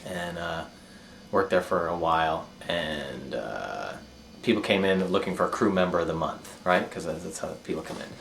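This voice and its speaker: A man's voice: low voice, expressive, moderate pace, gravelly, fairly bright tone, slight background noise. A man telling a rambling, profane story about himself, laughing at his own mishaps. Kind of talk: casual personal storytelling.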